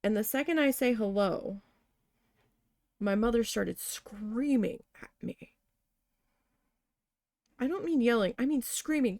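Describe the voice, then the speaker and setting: Gravelly-voiced, profane woman crafting vlogger. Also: fairly high pitch, slow pace, long pauses, darkish tone, dry recording, clean studio sound. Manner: blunt, heavily profane storytelling. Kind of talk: casual storytelling chat while needle felting.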